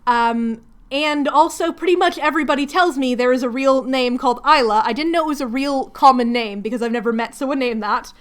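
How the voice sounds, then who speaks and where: A woman's voice: high-pitched, a little fast. A woman chatting casually while doing crafts at home, rambling and laughing often. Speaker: craft vlogger hosting a hangout.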